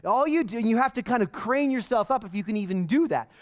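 A male pastor preaching a sermon in an animated, conversational way full of rhetorical questions. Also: very high-pitched, fast.

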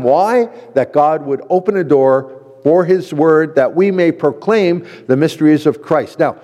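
A man's voice: on the high side, dark tone. A man teaching a sermon-style lesson to men as a pastor, earnest and repeating key phrases for emphasis. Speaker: pastor teaching a men's class. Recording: long hall reverb.

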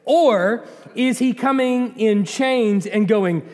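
A man with a high voice preaches a sermon, talking conversationally and animatedly as he acts out quoted voices. His words ring out with the long reverb of a hall. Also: unhurried, few pauses, a little mellow. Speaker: pastor.

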